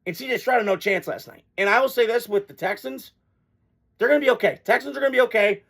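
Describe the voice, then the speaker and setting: A man's voice: very high voice, quick pace, vocal fry, fairly bright tone. A man hosting a casual football reaction vlog, blunt and rambling, swearing freely as he gives his takes. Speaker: sports commentator host.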